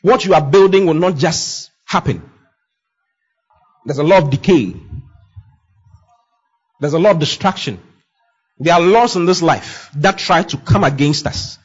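A man preaching a sermon, making emphatic, repetitive declarations that swing from loud to hushed. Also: a little high, measured pace, long pauses, slightly rough. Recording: dull lo-fi sound.

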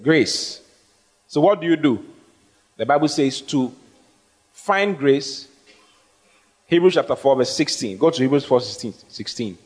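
A man's voice: medium pitch, lively intonation, unhurried, long pauses, a little mellow, husky. A man preaching as pastor, emphatic and call-and-response, often asking the congregation to answer. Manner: emphatic, rising to stressed phrases, asks the congregation questions. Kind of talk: sermon with audience questions.

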